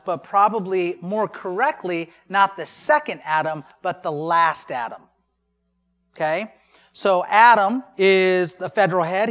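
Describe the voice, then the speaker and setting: Guy preaching a sermon, kinda high voice, chatty and jokey, lots of "right?". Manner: conversational, joking asides, rhetorical questions. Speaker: pastor.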